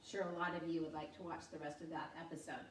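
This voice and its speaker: A woman's voice: sits low, level tone, quick pace, slight background noise. An older woman giving an informal talk to parents about reading stories aloud, chatty and acting out short voiced examples. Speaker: parenting workshop presenter. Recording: echoey room, voice from a distance.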